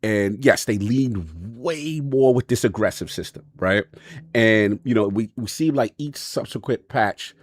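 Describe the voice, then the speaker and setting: A man with a fairly low voice hosts a gaming podcast in a chatty, relaxed way. He rambles through his questions. The sound is dry and close. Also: unhurried, no room sound. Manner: relaxed, chatty, affirms often. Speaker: podcast host. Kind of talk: casual podcast chat.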